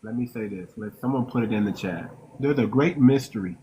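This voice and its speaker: A man's voice: fairly low pitch, brisk, warm tone, slight background noise. A man hosting a live-stream talk, reading chat comments aloud and speaking in an emphatic, preacher-like way straight to his audience. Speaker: livestream host.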